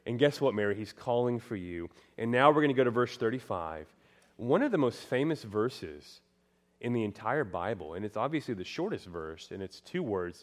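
A male pastor preaching a sermon, moving between loud emphatic cries and hushed tender moments, peppering the congregation with rhetorical questions. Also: medium pitch, animated, moderate pace.

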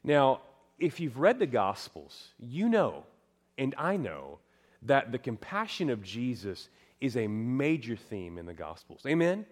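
A male pastor preaching a sermon, moving between loud emphatic cries and hushed tender moments, peppering the congregation with rhetorical questions. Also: mid-range voice, huge pitch swings, a little slow.

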